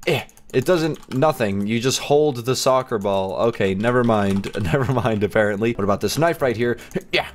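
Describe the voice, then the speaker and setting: A young man, a gaming YouTuber, commenting playfully and excitably as he plays, his voice jumping up in squeals. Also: slight background noise. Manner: playful, excitable, quick jumps in pitch, mock voices of friends. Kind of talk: playing a game while commenting. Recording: faint background music.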